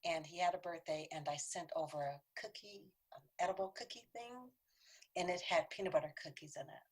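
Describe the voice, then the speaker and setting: Earnest, husky-voiced woman presenter. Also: fairly low pitch, fairly quick. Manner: earnest, conversational, acts out quoted voices, drops to a whisper for emphasis. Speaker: workshop presenter. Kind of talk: training talk to a city council.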